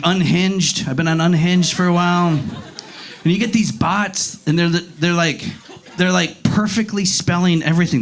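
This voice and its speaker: A man doing a profane, animated stand-up set with crowd work, recorded live on a handheld mic in a comedy club. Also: high voice. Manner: profane, animated, laughing through lines.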